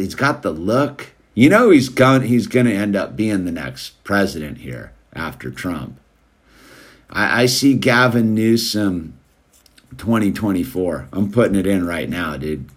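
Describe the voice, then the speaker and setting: A man hosting a show, rambling casually in a laid-back way and calling listeners "dude.". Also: lowish voice. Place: California.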